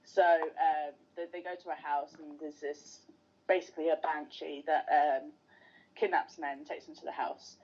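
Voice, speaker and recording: A woman's voice: sits low, flat delivery, normal speed, a little mellow. A woman guest on a podcast, chatting casually and enthusiastically like a fan. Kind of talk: casual interview chat. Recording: dull lo-fi sound.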